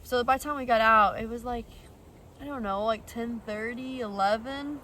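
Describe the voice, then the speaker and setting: A woman's voice: fairly high pitch, normal speed, pushed and bright, far from the mic, slight background noise, rough recording. A young woman vlogger telling a personal story in a rambling, blunt way, full of fillers and the odd swear. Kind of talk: casual storytelling.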